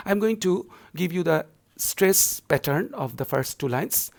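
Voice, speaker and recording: Gravelly-voiced man lecturing with many fillers. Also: high voice, lively intonation, a little slow. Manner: repetitive, explanatory, frequent filler "uh". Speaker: university lecturer. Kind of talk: recorded lecture on poetry scansion.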